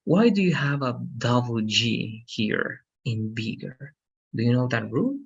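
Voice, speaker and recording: Male english tutor, patient and upbeat, kinda husky, muffled lo-fi audio. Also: mid-range voice, lively intonation. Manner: encouraging, patient, stresses words slowly to model pronunciation. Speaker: English teacher. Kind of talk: online language lesson. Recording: dull lo-fi sound.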